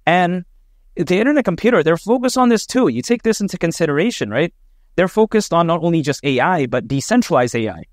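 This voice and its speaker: A man's voice: on the high side, very animated, fairly quick, no echo, clean studio sound. A man hosting his own crypto vlog, talking in a chatty, emphatic way with lots of "you know". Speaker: crypto channel host. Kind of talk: casual opinion vlog.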